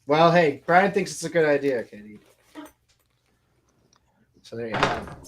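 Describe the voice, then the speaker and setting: Man, casual panel chat, rambling jokes, slightly high voice. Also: expressive, unhurried, very noisy. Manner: joking, rambling, laughs often. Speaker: co-host. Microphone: video call.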